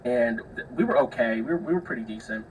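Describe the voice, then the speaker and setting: A man's voice: mid-range voice, animated, fast talker, distant mic, a little hiss or hum, rough recording. A young man hosting a podcast, telling stories in a loose, chatty way, swearing freely and acting out the people he describes. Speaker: podcast host. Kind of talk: casual solo storytelling.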